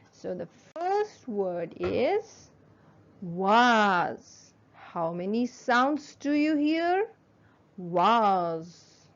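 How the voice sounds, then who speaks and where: Slow, patient woman teaching phonics. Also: mid-range voice, highs cut off. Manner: slow, patient, sounding words out. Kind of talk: children's phonics lesson.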